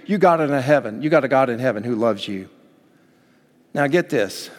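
A pastor preaching a sermon, acting out scripture dialogue with big swings between loud and quiet. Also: male voice, normal speed, long pauses, big-room sound. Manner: animated, acts out Bible dialogue with big swings in pitch and volume.

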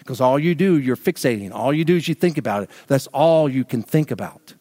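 A man's voice: medium pitch, expressive, fairly quick, warm tone. A man preaching a sermon as pastor, asking rhetorical questions and building to emphatic peaks. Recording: long reverb of a large hall.

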